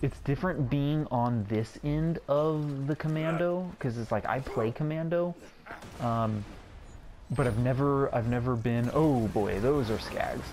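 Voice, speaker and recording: A young man giving casual commentary over a video game, rambling and excitable, often stammering and repeating words. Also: medium pitch, unhurried, a crowd in the background. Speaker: gaming streamer.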